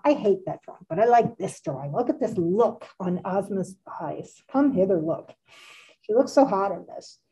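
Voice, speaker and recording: Chatty woman lecturer, mellow. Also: on the high side, far from the mic, lo-fi sound. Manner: chatty, wry asides, frequent fillers. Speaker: art history lecturer. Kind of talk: casual presentation and read-aloud.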